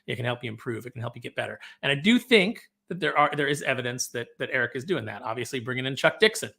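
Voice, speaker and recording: Bright-voiced man in casual chat. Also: medium pitch, expressive, fast, vocal fry. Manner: rambling, repeats words while thinking. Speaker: podcast co-host.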